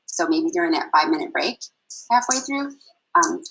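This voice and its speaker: Bright, breathy encouraging teacher woman. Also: lowish voice, animated, normal speed, low-quality recording. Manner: patient, encouraging, sing-song, addresses listeners as friends. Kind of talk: online lesson for young children.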